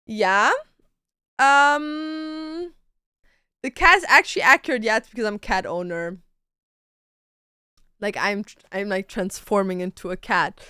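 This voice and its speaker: Bright, playful young woman streamer. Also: mid-range voice, a little slow, long pauses, clean tone, no room sound, clean studio sound. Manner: playful, crude, laughs a lot. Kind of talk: casual livestream chat.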